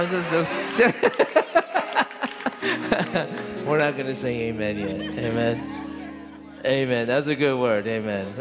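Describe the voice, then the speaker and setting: A man pastor preaching a conversational sermon, repeating phrases and building to emphatic calls for amen. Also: medium pitch. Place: church sanctuary. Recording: church sanctuary with long reverb and live music. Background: instrumental music.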